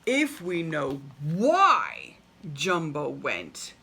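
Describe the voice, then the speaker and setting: A woman reading aloud and voicing a confident male animal detective who exclaims with excitement and spells out his deductions slowly. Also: deep voice, breathy edge, pitched below the performer's own voice, full character voice. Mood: deliberate.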